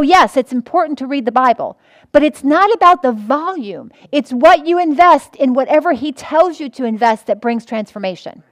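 A woman pastor delivers a teaching sermon in a high voice. She is earnest and circles back over her points again and again, restarting phrases as she goes. The sound is close and dry, with no room around it. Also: no room sound. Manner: earnest, repeats herself, frequent restarts.

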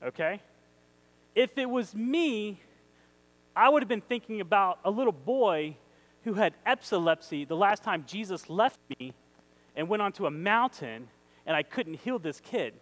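Excitable high-voiced male preacher. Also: measured pace, poor audio. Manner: excitable, emphatic, asks the audience questions. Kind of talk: sermon with scripture reading.

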